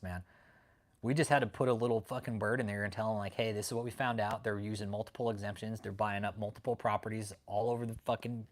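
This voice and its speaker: A man hosting a casual livestream, talking bluntly and profanely and greeting viewers in the chat. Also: on the low side. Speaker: livestream host.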